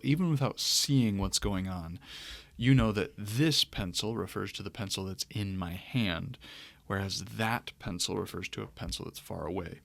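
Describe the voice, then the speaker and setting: Male lecturer: low and gravelly, relaxed and musing, dry close recording. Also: normal speed, dry recording. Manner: relaxed, thinking aloud with fillers and restarts. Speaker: Greek teacher.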